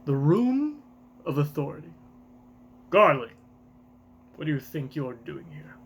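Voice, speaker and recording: A man voicing a stern, imposing commander in a low, cold, measured delivery. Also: a little hiss or hum, natural voice. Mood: cold, menacing.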